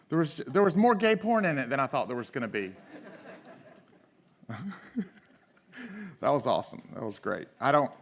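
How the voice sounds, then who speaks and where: A man's voice: medium pitch, expressive, measured pace, pauses often. A man emceeing a conference, introducing speakers in a playful, chatty way. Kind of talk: stage introduction. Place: conference stage.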